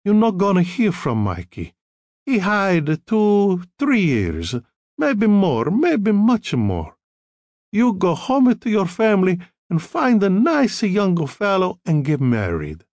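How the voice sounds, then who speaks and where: A fierce, stout old Italian mother, as a male narrator puts her on, scolding in heavy-accented broken English. The voice is pushed high and swings widely. The sound is dry and close, like an audiobook booth. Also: huge pitch swings, takes it slowly, a little mellow, no room sound, full character voice. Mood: firm. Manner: scolding and emphatic. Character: stout older Italian mother, fierce, bossy, warm-hearted.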